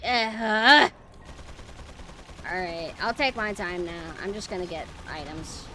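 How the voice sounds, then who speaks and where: A young woman streaming a game live, swearing and yelling in frustration at the game. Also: fairly low pitch, normal speed, slight background noise.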